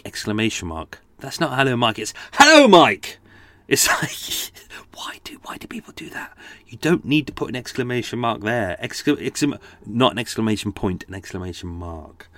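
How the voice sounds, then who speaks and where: A man's voice: lowish voice, no room sound. A man, hosting a casual podcast chat, rambling with lots of asides while reading out old letters. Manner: rambling and chatty, with many fillers and asides. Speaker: podcast host.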